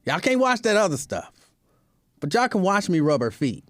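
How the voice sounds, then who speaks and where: A man's voice: sits high, sing-song, moderate pace, no echo, studio quality. A man hosting a show, telling a comedic casual monologue with joking, repetitive asides. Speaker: show host.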